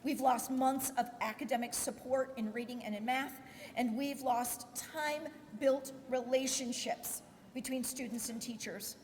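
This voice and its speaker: A woman's voice: high voice, fairly even intonation, measured pace, a little mellow. A woman giving a prepared speech at a rally. She speaks earnestly and measuredly and appeals directly to lawmakers. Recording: echoey hall with faint noise.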